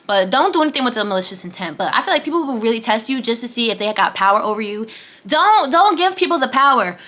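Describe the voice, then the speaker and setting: A woman in her twenties giving a chatty, animated motivational vlog, sometimes dropping into whispers and playful asides. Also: fairly high pitch. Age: 20s. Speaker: vlogger.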